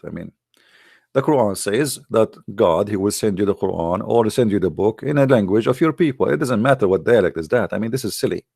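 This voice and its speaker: A man's voice: on the low side, gravelly, a little mellow, husky, no room sound, studio quality. A man hosting a live stream, arguing emphatically and scornfully in non-native English, repeating words for effect. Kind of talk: argumentative commentary to a live chat.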